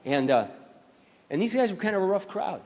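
A male pastor with a high-pitched, animated, brisk voice tells stories in a sermon, swinging dramatically between passion and quiet. The sound is dull, coming from a big reverberant church.

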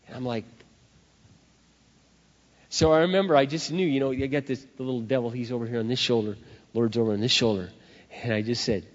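A man preaching a sermon through personal stories, animated, acting out dialogue and swinging between loud and soft. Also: medium pitch, normal speed, pauses often. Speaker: pastor. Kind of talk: sermon with storytelling. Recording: dull recording in a reverberant hall.

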